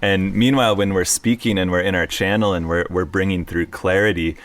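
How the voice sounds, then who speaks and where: Very deep-voiced man, earnest spiritual talk. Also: fairly even intonation, brisk, a bit bright. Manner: earnest, restarts phrases often. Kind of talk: casual spiritual conversation.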